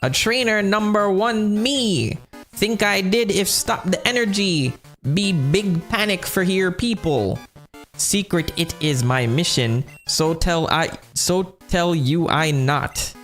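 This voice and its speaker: A man voicing a male gang crook in a game, speaking slow, broken, backwards English in a put-on English-Jamaican accent. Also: high-pitched, a bit bright, soft background music, voice pushed up, heavily acted. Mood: boastful. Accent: put-on mix of English and Jamaican. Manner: slow, halting, words in odd order. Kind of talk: reading game dialogue aloud.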